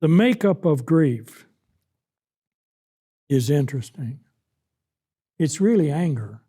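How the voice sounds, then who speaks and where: A man's voice: fairly high pitch, sing-song, slow pace, warm tone, slightly rough. A man preaching a Bible lesson, acting out the scripture in the first person as he explains it. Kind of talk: sermon-style Bible lesson.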